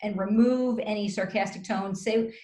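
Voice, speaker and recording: A woman communication coach explains her advice in a measured, instructive manner. Her voice sits at a middle pitch and carries the reverb of a roomy space. She often slows down to act out calm example phrases. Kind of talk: interview, giving advice. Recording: roomy echo.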